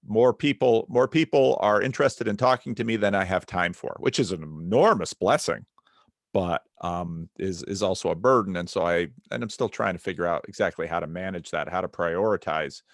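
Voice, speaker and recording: A middle-aged pastor with a very deep voice chats casually and earnestly. He often stumbles and restarts his sentences before they come out whole. The recording is dry and close, with no room sound. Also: normal speed, vocal fry, dry recording. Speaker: pastor and video channel host. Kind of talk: casual conversation.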